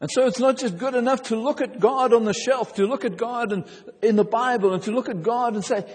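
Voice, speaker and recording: A man preaching in a high, light voice, earnest and emphatic, leaning on repeated phrases. The sound rings with the long reverb of a church hall. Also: brisk, darkish tone. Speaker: pastor. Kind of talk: sermon.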